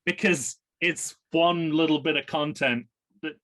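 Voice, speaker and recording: A man's voice: on the high side, fairly even intonation, unhurried, a crowd in the background. A man co-hosting a podcast, chatting casually during a movie watch-along, rambling and correcting himself as he goes. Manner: rambling, self-correcting, trails off. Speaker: podcast co-host.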